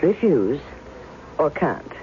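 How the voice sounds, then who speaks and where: A woman's voice: low-pitched, big pitch swings, takes it slowly, slight background noise, heavily acted. An actress in a 1970s radio drama playing a cool, skeptical woman who doubts that the man before her is her husband. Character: wary, sharp-tongued woman doubting her husband's return. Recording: tinny 1970s radio broadcast with music.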